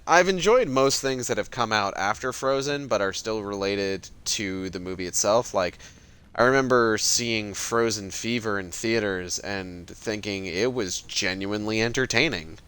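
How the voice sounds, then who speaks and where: A man streaming a video game, chatting in a loose, rambling way and swearing often. His voice sits on the lower side and stays smooth and resonant. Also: a bit bright. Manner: rambling, swears freely, lots of fillers. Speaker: gaming streamer. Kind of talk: casual let's-play commentary.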